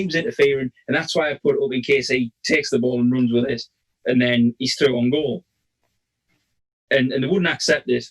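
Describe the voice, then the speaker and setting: A man's voice: mid-range voice, low-quality recording. A man, co-hosting a casual referee chat and telling a long rambling story with many restarts. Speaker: referee, podcast co-host.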